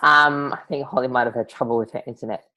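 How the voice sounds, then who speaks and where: A woman's voice: very deep voice, fairly even intonation, fast, sharp tone, rough recording. A woman hosting an online event over a video call, chatty and affectionate, calling guests honey and darling.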